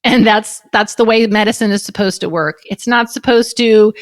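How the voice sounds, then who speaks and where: A woman's voice: mid-range voice, steady tone, normal speed. A woman hosting a podcast interview, making her points emphatically and passionately, often in long lists. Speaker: podcast host.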